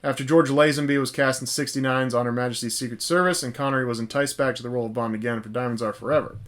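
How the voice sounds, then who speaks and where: A man's voice: medium pitch, steady tone, racing, a bit bright. Casual male podcast co-host. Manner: laughs often, reads notes aloud. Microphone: podcast mic.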